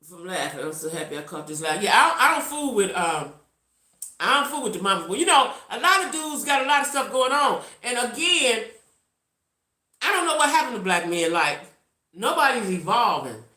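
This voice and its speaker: Blunt, lively woman vlogger around sixty. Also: a little high, normal speed, echoey room. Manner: blunt, salty, repeats for emphasis; reacts to live chat. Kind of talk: casual storytelling to viewers.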